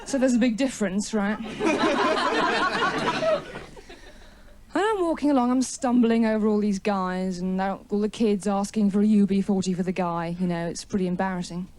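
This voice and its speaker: A woman's voice: mid-range voice, normal speed, long pauses, slight background noise. A woman doing a wry, chatty stand-up comedy routine in a TV studio, with an audience laughing.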